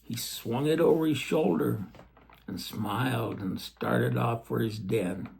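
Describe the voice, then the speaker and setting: A man reading a storybook aloud in a gentle way, with chatty asides to the listener. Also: mid-range voice, slow, vocal fry, slight background noise.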